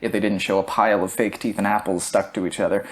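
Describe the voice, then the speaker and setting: A woman's voice: very deep voice, fairly even intonation, fast. A woman co-hosting a podcast, critiquing a film in blunt, argumentative, profane casual chat. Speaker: podcast co-host.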